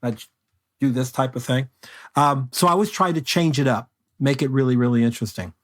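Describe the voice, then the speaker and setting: Older male guest, mid-pitched voice, easygoing anecdotal delivery, casual interview. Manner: unhurried anecdotal storyteller. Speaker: guest photographer.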